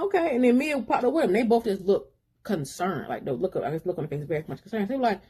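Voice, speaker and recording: A woman's voice: medium pitch, lively intonation, quick pace, dark tone, a little hiss or hum. A woman casually retelling a book's plot in a rambling, slangy way, with asides to her viewers. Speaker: book reviewer. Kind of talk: casual book recap.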